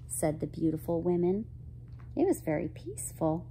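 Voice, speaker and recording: A woman reading a children's picture book aloud, expressive and gentle, asking her listeners questions. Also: on the low side, moderate pace, a little hiss or hum, rough recording. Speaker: storyteller.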